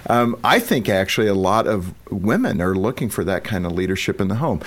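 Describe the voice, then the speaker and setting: A man's voice: fairly low pitch, expressive, brisk. A man appearing as a guest author in a conversation, speaking in an earnest, reflective way. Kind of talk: casual chat.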